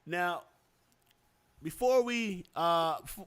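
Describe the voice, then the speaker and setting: A man's voice: high voice, animated, extremely slow, a bit bright, smooth. A young man hosting a casual podcast chat, talking loosely with lots of fillers and restarts. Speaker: podcast host.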